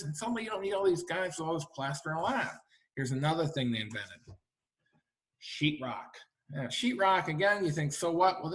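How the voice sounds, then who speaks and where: A middle-aged man, an author and historian, giving a lively library lecture to an audience, chatty and full of rhetorical questions. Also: fairly high pitch. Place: library talk room.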